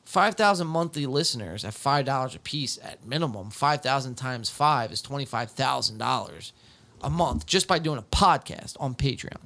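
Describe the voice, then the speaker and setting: A man's voice: medium pitch, expressive, normal speed, sharp tone. A man hosting a podcast, reacting to clips in casual, profane, joking commentary.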